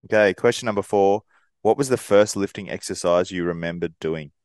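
A man's voice: deep voice, brisk, darkish tone, dry recording, clean studio sound. A young man co-hosting a podcast, telling stories in an easygoing way and chuckling as he goes. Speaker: podcast co-host. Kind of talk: casual chat.

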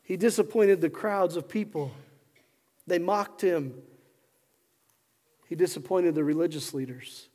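Male pastor, high voice, preaching, hushed to shouting, long church reverb. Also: unhurried, long pauses. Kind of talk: sermon. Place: church sanctuary.

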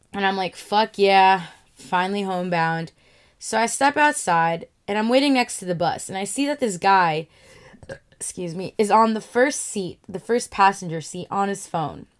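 A young woman telling a casual, profane story, acting out her own reactions as she goes. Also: medium pitch.

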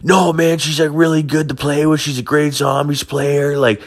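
A man's voice: fairly high pitch, level tone, normal speed, pitched above the performer's own voice. A man voicing his online gaming buddy, a defensive guy making excuses.

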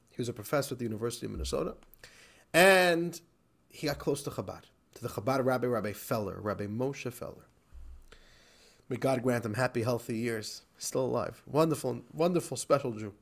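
A man's voice: mid-range voice, animated, normal speed, gravelly. A man teaching a Torah class who tells a story with animation and acts out the quotes.

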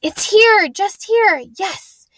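A woman reading the part of an eleven-year-old boy wizard in an audiobook, with urgent, hushed and excited lines. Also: sits high, moderate pace, no room sound.

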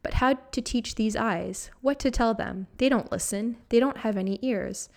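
A woman voicing an enlightened male master who calmly explains his own weeping in an earnest storyteller's way. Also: a little high, moderate pace, gravelly.

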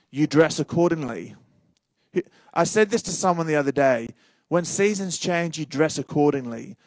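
A young adult man, a senior pastor preaching a sermon in an animated way, repeating key phrases and joking with the congregation. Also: fairly high pitch, dry recording, low-quality recording.

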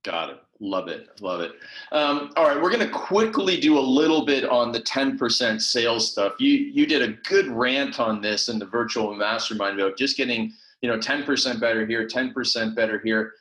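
A man hosting an interview, briskly affirming his guest and moving the talk along. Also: mid-range voice, a bit bright. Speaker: host. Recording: roomy echo.

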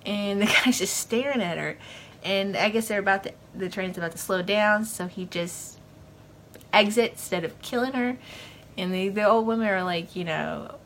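A woman's voice: mid-range voice, moderate pace, fairly bright tone, slight background noise. A woman hosting a podcast, giving a loose, casual recap of a TV episode with lots of fillers. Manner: rambling, loose, full of fillers like "you know". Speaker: podcast host.

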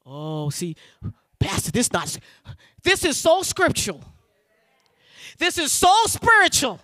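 High-pitched, bright fervent male preacher. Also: huge pitch swings, takes it slowly. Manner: shouting, urging call-and-response; repeats words, fervent preaching cadence. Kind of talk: sermon.

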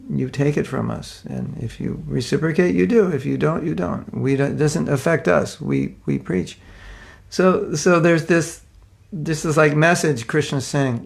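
A man preacher telling personal stories in an informal sermon, conversational and self-deprecating, with halting restarts. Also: a little high, creaky.

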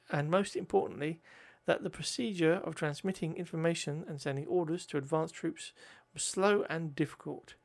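A man's voice: fairly high pitch, creaky. A man reading history notes aloud, often stumbling over words, correcting himself and adding joking asides.

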